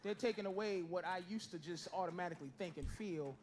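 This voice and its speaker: A middle-aged man doing stand-up crowd work, teasing people in the audience, swinging from shouts to mutters. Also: sits high, quick pace. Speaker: stand-up comedian. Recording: loud noisy live club recording.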